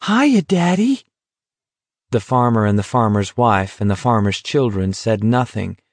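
A man narrates a novel in a steady, measured way. His voice is low-pitched. The recording is dry and close, with no room sound. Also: no echo. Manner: measured, even storytelling. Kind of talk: audiobook narration.

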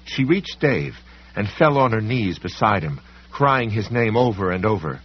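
A man reads scripted narration for an audiobook in a dramatic, varied style, going a little slow. His fairly low voice is slightly rough and sing-song. It's a dull lo-fi recording.

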